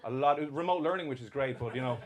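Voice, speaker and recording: Speaking at a quick pace with a medium pitch, a stand-up comedian trades brash, mocking, profane banter with his audience from a club stage. Crowd noise and laughter run through the live recording.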